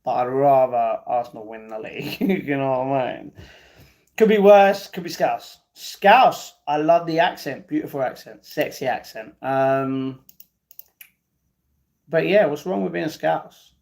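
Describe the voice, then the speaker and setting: A man's voice: medium pitch, unhurried, creaky, a little mellow. A man hosting a live stream, casually reading out viewer comments and bantering back at them. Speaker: livestream host reading chat.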